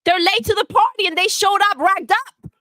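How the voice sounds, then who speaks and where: A woman's voice: very high-pitched, moderate pace, sharp tone, dry recording, clean studio sound. A woman co-hosting a gaming podcast, ranting brashly and profanely in casual banter.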